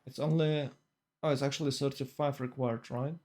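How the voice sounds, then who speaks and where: A man casting a strategy game tournament live, talking in a rambling, excitable way full of fillers and restarts. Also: mid-range voice, normal speed. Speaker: tournament caster. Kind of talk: live esports commentary.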